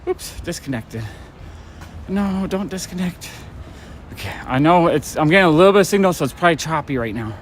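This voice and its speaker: A New man with a fairly high, expressive voice rambles casually at a fairly quick clip while walking and live-streaming from his phone on a rainy city street at night. He's a comic shop owner who vlogs, and he gets a bit out of breath at times as faint traffic hums in the background.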